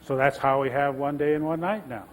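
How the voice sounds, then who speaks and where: A Nez Perce man from the US Pacific Northwest telling creation legends in a relaxed, conversational way at a stage microphone. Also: fairly high pitch, a little fast, slight background noise, rough recording. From Nez Perce homeland, US Pacific Northwest. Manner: relaxed, conversational, asides to listeners. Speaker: tribal storyteller. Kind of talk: oral storytelling.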